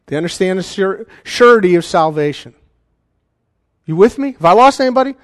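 A man preaching a sermon as a pastor, animated and conversational, with joking asides to the congregation. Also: sits high, fairly quick, no room sound, studio quality, big-room sound.

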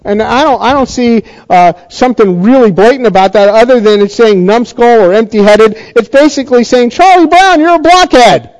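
A man's voice: sits high, fairly quick, few pauses, a little mellow, rough recording. A male pastor giving a sermon in a chatty, conversational way, often restarting his sentences.

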